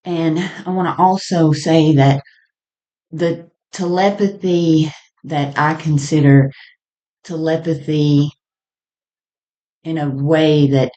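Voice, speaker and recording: Woman vlogger, low-pitched and slow, casual meandering storyteller who laughs easily. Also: warm tone, highs cut off. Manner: chatty and meandering, laughing between lines.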